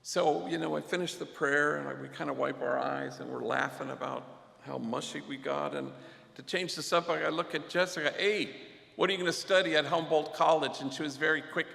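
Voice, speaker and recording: A man's voice: on the high side, steady tone, brisk, creaky, bright, forceful tone. A man, a priest speaking at a luncheon, telling an earnest story and sprinkling in Spanish phrases. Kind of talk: storytelling speech. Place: large banquet hall. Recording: echoey hall reverb.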